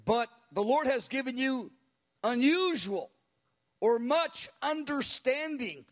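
A man's voice: very high voice, animated, slow, voice pushed up, exaggerated voice. A man voicing a small, fiery elderly woman who boldly declares a prophecy. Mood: declaring. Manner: bold, declaring.

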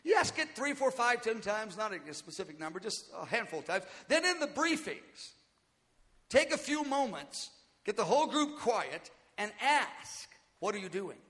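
High bright-voiced preacher in a reverberant hall. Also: male voice, big pitch swings, moderate pace. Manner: earnest, exhorting, repeats his points. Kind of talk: teaching sermon.

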